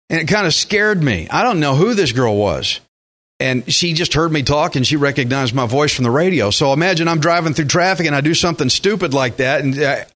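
Animated preaching man, higher voice. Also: brisk. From Texas. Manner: animated, acts out quotes with big pitch jumps. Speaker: pastor. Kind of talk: radio sermon.

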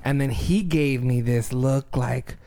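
A man co-hosting a podcast, telling a personal story with lively acted-out dialogue and frequent laughter. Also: medium pitch, slow. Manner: animated storyteller, acts out dialogue, laughs often. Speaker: podcast co-host. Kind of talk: casual chat.

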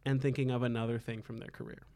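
A man running a comedy podcast game, talking in loose, rambling bursts with lots of fillers. He laughs at himself as he explains, and his pitch sits in the middle. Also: flat delivery, quick pace, warm tone. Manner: giggly, rambling with many fillers. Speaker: game host. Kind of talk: casual podcast game chat.

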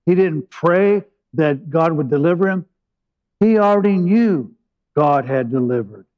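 A man preaching a sermon, retelling scripture with dramatic pauses and plain asides. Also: a little high, animated, highs cut off.

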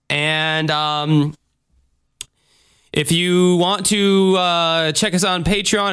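A man's voice: a little high, sharp tone, smooth. A man hosting a podcast in loose casual chat, rambling and swearing freely. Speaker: podcast host.

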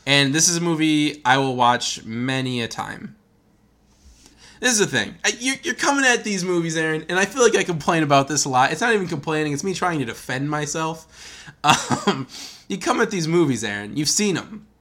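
A man co-hosting a casual movie podcast, excitable and quick to laugh, often quoting characters. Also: fairly high pitch. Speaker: podcast co-host. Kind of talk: casual chat about movies.

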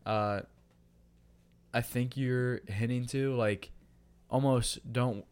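A man's voice: mid-range voice, steady tone, slow, a little mellow, smooth. A young man who is a student, chatting casually and reflectively on a podcast. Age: young adult. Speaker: student, co-host. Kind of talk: casual chat.

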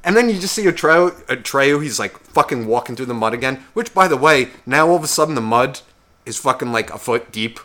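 A man's voice: medium pitch, lively intonation, a little fast, fairly bright tone. A young man co-hosting a podcast, telling a long story in a heated, swearing casual rant. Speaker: podcast co-host.

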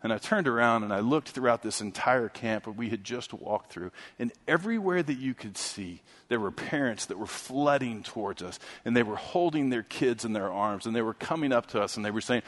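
A man preaching a sermon, telling a story and swinging from loud, emphatic lines to hushed ones. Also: medium pitch, expressive, fairly quick, few pauses. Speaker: pastor. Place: church sanctuary. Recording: long hall reverb.

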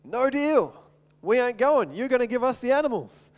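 A man voicing a bold, defiant male Bible leader in a loud, emphatic, triumphant way, with a long hall reverb. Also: very high voice, very animated, moderate pace, voice pushed up, exaggerated voice.

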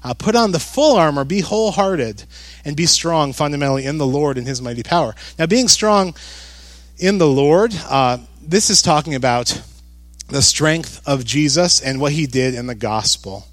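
A man preaching a sermon as a pastor, talking conversationally with jokes and animated emphasis. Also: on the high side, moderate pace, no echo.

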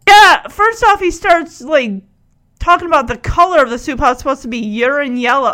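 A woman gives casual reaction commentary on a show she has been watching. Her voice sits high and moves a great deal, with animated swoops. She talks freely and laughs as she retells scenes. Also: moderate pace. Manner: chatty, animated, laughs often. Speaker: show recapper.

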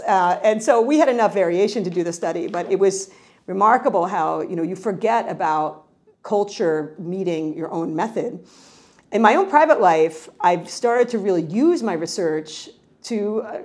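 A middle-aged woman from New York, a researcher answering interview questions in a lively, conversational way, often restarting her sentences. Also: medium pitch, normal speed. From New York, United States. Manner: animated, frequent self-corrections and restarts. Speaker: cultural psychology researcher.

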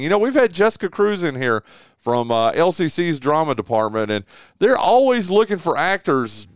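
A male morning radio host, chatting loosely and calling his guest dude. His voice is smooth and resonant, and his pitch swings freely. The studio sound is dry and close. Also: very animated, normal speed, no echo. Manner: loose, friendly, calls people dude. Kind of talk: casual radio chat.

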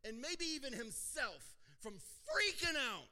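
Lively, animated male preacher. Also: extremely high pitch, slow pace. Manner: animated, joking, acts out little scenes. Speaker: pastor. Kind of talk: sermon.

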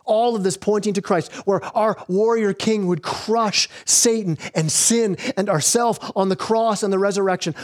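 A man pastor preaching a sermon, earnest, slowing down on key words and often restarting phrases. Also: sits high. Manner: earnest preaching with repeated restarts, slows for emphasis.

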